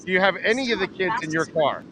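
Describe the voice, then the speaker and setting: A man with a high voice hosts a live sports talk show outside in gusty wind. He talks through a face mask, teasing and joking with his guest. A faint hiss of outdoor noise sits under him. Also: lively intonation, fast, pushed and bright. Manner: playful, teasing banter. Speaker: sports radio show host. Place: outdoors outside a cigar bar in strong wind. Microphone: speaking through a face mask.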